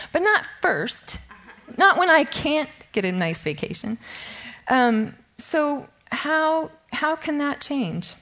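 A middle-aged woman leads an informal Bible study, laughing often, making fun of herself, and sounding a little shaky from nerves. Her voice is high and slightly bright.

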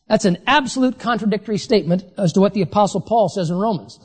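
A preacher giving a sermon, who talks emphatically and slows down to stress key phrases. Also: medium pitch, a little mellow, husky, big-room sound.

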